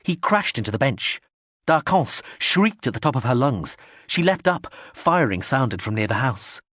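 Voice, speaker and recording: A man narrating an audiobook in a measured reading, raising his voice for the quoted lines. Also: medium pitch, sing-song, fairly bright tone, dry recording, studio quality. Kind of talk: scripted narration.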